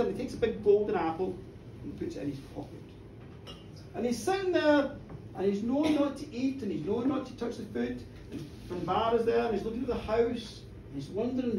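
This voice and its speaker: Live male folk storyteller, expressive and theatrical, mic some distance away in a reverberant pub. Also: high voice, fairly quick, a little hiss or hum. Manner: dramatic and animated, with sound effects and screams. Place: pub stage with an audience. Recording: roomy live bar from far off.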